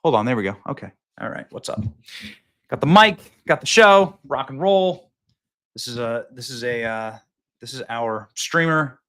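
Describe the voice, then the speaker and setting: A man hosts a loose live stream, his voice bright and forward. He talks excitably, with lots of restarts and filler, jumping between asides to his chat. It comes across as unscripted, off-the-cuff riffing. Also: mid-range voice, moderate pace, smooth. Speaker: host. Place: small cabin booth at an event.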